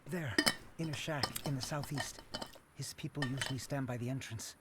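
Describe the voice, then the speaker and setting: An actor playing a worried, loyal gang underling in a video game, earnest in tone. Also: male voice, mid-range voice, moderate pace, very noisy, natural voice.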